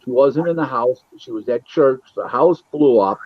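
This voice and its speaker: Animated storytelling man, dull lo-fi sound. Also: mid-range voice, moderate pace. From Buffalo, New York. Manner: animated storyteller who acts out quoted dialogue. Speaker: boxing matchmaker and booking agent. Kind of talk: casual interview storytelling.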